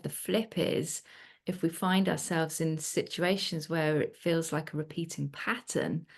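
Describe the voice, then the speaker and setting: A woman coach hosting a webinar, explaining in a loose, conversational way with many fillers and restarts. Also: low-pitched.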